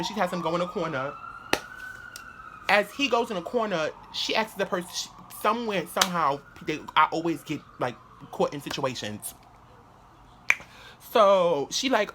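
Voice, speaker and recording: A man's voice: high voice, wildly swooping pitch, normal speed, noisy background. A man telling a story to camera in a casual vlog, rambling with lots of "like" fillers, restarts and swearing. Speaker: vlogger.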